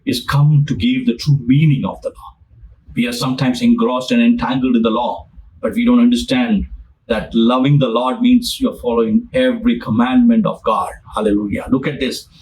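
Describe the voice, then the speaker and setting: A man's voice: mid-range voice, moderate pace, darkish tone, distant mic, slight background noise, low-quality recording. A man preaching a sermon, repeating his phrases for emphasis and acting out the scripture as he goes. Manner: repetitive, emphatic, dramatizes scripture.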